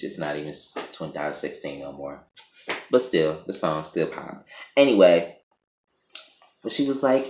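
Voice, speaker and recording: A man's voice: fairly low pitch, sing-song, a little slow, long pauses, roomy sound, a little hiss or hum. A man casually recapping a TV episode in loose, slangy storytelling, acting out the characters' lines as he goes. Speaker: TV show reviewer.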